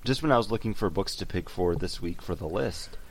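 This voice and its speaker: Man, casual podcast chat, animated, somewhat low voice, quick bursts. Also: breathy edge. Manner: animated, quick, with frequent fillers and restarts. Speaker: podcast co-host.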